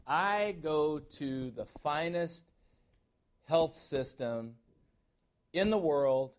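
Man, middle-aged pastor, from Chicago, sermon, emphatic, fires questions at the congregation, mid-pitched voice. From Chicago, USA. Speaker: pastor-teacher.

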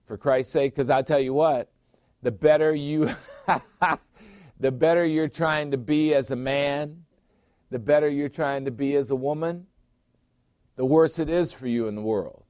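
A man's voice: a little high, measured pace, long pauses, darkish tone, no room sound, studio quality. A middle-aged man preaching a sermon as pastor, emphatic, repeating phrases and putting questions to his listeners.

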